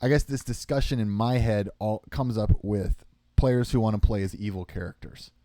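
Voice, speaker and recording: A man's voice: lowish voice, normal speed, dark tone, no room sound, clean studio sound. A man co-hosting a podcast, a former teacher telling jokey, rambling stories in casual chat.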